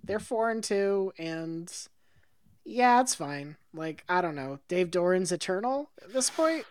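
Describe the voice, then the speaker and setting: A woman co-hosting a casual sports chat, breaking in with quick jokes. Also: lowish voice, animated, a little mellow, smooth. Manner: quick, joking interjections. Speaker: podcast co-host.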